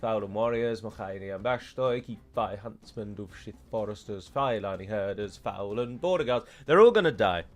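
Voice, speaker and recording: A man's voice: on the low side, fairly even intonation, moderate pace, hardly any pauses. A British man giving chatty live commentary as he plays a strategy game, breaking into mock-heroic pronouncements. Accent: British English. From United Kingdom.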